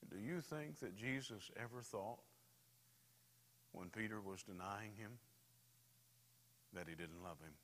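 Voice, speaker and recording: A man preaching a sermon as a pastor, telling stories in a voice that swings from hushed to loud. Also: on the low side, measured pace, pauses often, slight background noise. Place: church sanctuary. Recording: reverberant church hall.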